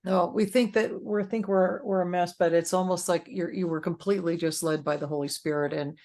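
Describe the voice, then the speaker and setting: A woman's voice: fairly low pitch, fairly even intonation, fairly quick, dark tone. Woman hosting a support group, casual, rambly, lots of ums. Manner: rambling, with frequent fillers and restarts.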